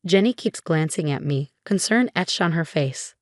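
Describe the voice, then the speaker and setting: A woman reading a first-person story aloud in a steady, even narration. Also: low-pitched, normal speed, no echo, studio quality. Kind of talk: scripted narration.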